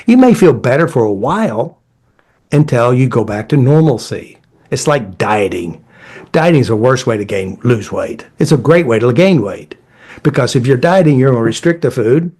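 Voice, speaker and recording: A man's voice: mid-range voice, normal speed, breathy edge. A middle-aged man, a therapist, telling stories in a casual conversation. His phrasing is blunt and folksy, and he slips into voices to act out quoted dialogue. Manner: animated, acts out quoted dialogue in shifting voices. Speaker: therapist and creator of a healing method.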